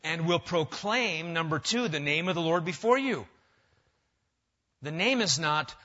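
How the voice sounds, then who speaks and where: A man preaching a sermon, emphatic, swinging from loud stressed words to quiet asides. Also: on the high side, animated, normal speed. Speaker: pastor. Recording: dull lo-fi sound.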